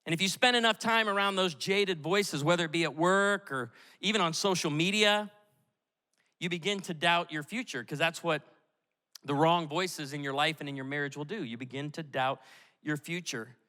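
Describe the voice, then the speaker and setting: A middle-aged male pastor preaching a sermon, telling stories in an animated way with quick asides. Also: a little high. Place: church auditorium. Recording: echoey hall with long reverb.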